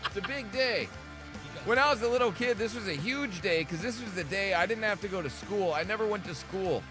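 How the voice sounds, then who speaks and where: A man's voice: sits high, lively intonation, a little fast, over music. A man hosting a morning radio show, joking and telling playful stories in casual banter.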